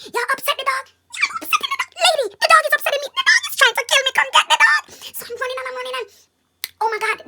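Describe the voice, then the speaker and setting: A woman's voice: on the high side, slightly rough. A woman from Jamaica, telling a personal story to viewers in a storytime vlog. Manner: animated storytelling, addresses viewers directly. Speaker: vlogger.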